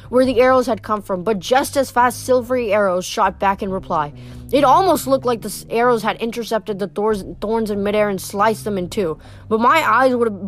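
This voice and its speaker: A woman reading a novel aloud, stumbling and correcting herself now and then. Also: medium pitch. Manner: casual, stumbles and self-corrects. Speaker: reader.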